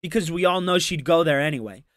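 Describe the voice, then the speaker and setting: A man's voice: a little high, fast, a bit bright, no room sound, clean studio sound. A man doing casual reaction commentary on a stream, ranting in an exasperated, profane and mocking way.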